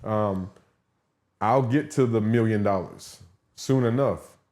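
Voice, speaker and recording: A man hosting a podcast in a casual chat, telling candid, animated stories. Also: lowish voice, slow pace. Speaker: podcast host.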